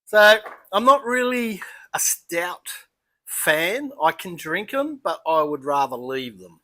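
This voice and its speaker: An Australian man reviewing beer in a casual home vlog, chatty and relaxed, talking as he eats and drinks. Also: high-pitched, takes it slowly. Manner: relaxed, chatty, thinking aloud while eating and sipping.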